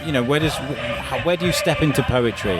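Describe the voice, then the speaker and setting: A man's voice: medium pitch, fairly quick. A man hosting a podcast, chatty and friendly with plenty of ums, interviewing guests at an outdoor event. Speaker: podcast host. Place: outdoor event with music behind. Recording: outdoor event with loud music behind. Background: live music.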